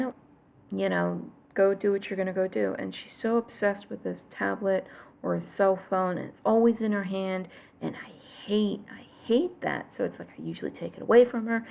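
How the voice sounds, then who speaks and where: A woman's voice: mid-range voice, creaky, a little mellow. A woman, likely in her thirties, venting to viewers about her children in an exasperated, emphatic way, dropping to whispers for punchlines. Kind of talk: casual vlog rant.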